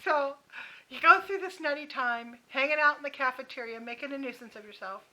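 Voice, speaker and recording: A woman's voice: high-pitched, fairly quick, pushed and bright, poor audio. A woman in her fifties telling a candid vlog story about caring for her mother, frank, swearing freely and laughing as she rants.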